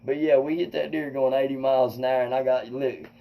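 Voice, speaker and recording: A man telling a wild personal story to viewers, animated and swearing, acting out quotes loudly. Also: medium pitch, fairly quick, vocal fry, muffled recording. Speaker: comedian host.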